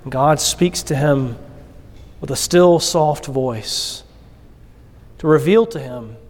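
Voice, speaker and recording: Pastor, male, high-pitched, unhurried sermon delivery with acted-out quotes, long church reverb. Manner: expressive storytelling with acted quotes.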